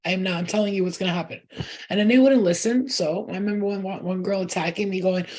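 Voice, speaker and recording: A woman's voice: medium pitch, steady tone, quick pace, a little mellow. A woman hosting a spiritual channel, talking in a casual, rambling monologue that is blunt, profane and emphatic.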